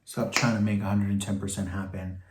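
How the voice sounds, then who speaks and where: Male makeup vlogger, campy and expressive, mid-pitched, recorded in a roomy space. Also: brisk, background noise. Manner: animated and campy, swooping pitch, calls people girl and honey. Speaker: makeup vlogger demonstrating products. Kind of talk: casual chat while doing makeup. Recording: echoey room.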